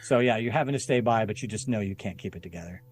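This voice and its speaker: A man's voice: lowish voice, fast, husky. A man telling a story as a podcast guest in a casual chat, often laughing and acting out the people he quotes. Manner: animated, laughing, jumps into quoted voices. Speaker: podcast guest, former stuntman.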